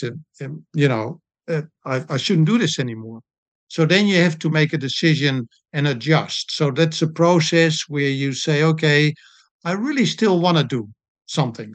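An older man, a sports doctor telling stories in a relaxed interview, with frequent pauses and ums. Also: a little high, dry recording. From New Zealand. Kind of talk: casual storytelling interview.

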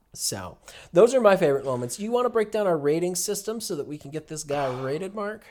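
A man's voice: sits high, animated, moderate pace, darkish tone. A man co-hosting a podcast in casual chat, talkative, laughing and swearing as he goes. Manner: chatty, profane, laughing. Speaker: podcast co-host.

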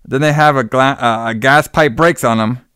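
A man's voice: mid-range voice, moderate pace, pushed and bright, clean tone, no room sound, clean studio sound. Guy cohosting a movie podcast, swears a lot, does the characters' lines, clean voice, no room sound. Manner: profane, laughing, acts out characters' lines. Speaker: podcast co-host. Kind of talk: casual movie recap chat.

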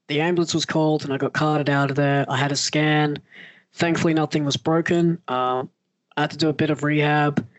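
A man's voice: fairly high pitch, no room sound. A man, a wrestler, telling a story in casual talk and acting out the voices he quotes. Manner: animated, acts out quoted voices.

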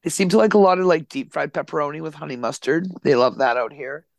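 A podcast host chats casually and enthusiastically, swearing freely, in a home recording from Nova Scotia. His voice is a little high, expressive, fast and creaky, with no echo.

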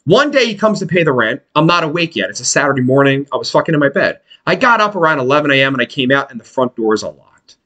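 A man's voice: mid-range voice, quick pace. A man telling a long personal story in casual chat, swearing freely and acting out what people said. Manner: animated, profane, acts out quotes.

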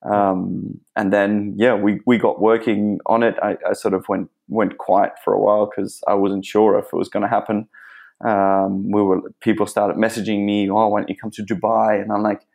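Gravelly low-voiced man, rambling. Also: little pitch movement, normal speed, a little mellow. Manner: laughing, rambling, many restarts. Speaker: guest athlete. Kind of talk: casual interview chat.

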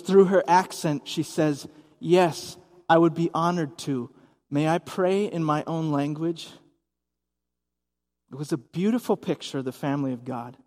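Man, pastor, sermon, conversational, questions to the listeners, gymnasium reverb. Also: high-pitched. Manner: conversational, asks the audience questions. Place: church service in a gymnasium.

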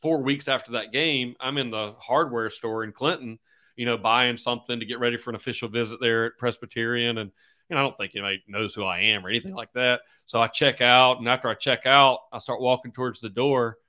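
A middle-aged man guests on a podcast as a football coach. His voice is bright and smooth. He chats in an easygoing way and acts out the people in his stories. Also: mid-range voice, fairly even intonation, fast. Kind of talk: casual interview chat.

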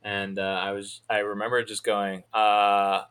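Man, bright clear tone, monotone rambling storyteller, casual chat. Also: fairly low pitch, unhurried. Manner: self-described monotone, rambling with restarts.

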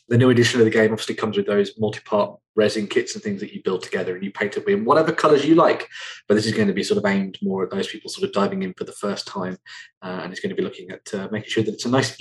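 A man, hosting a relaxed chat. He talks in a loose, rambling way, filling his gaps with ums and uhs. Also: lowish voice, low-quality recording. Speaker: host. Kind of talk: casual chat.

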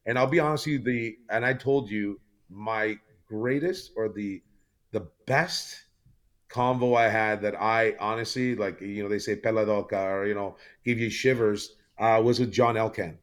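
A man's voice: lowish voice, fairly even intonation, normal speed. A man from Canada, a podcast guest, telling a long story in casual chat with lots of fillers and restarts. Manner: rambling storytelling with many fillers.

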